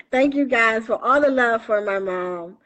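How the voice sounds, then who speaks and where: A fairly high-voiced woman coach talking live into her phone. She is affectionate and laughs often, calling her listeners baby and honey. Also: sing-song, slow, pushed and bright. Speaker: spiritual coach. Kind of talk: live-streamed casual talk.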